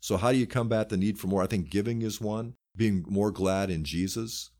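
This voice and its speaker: Deep-voiced pastor, earnest and conversational. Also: male voice, moderate pace, a little mellow. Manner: earnest, quotes scripture often. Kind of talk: casual faith discussion.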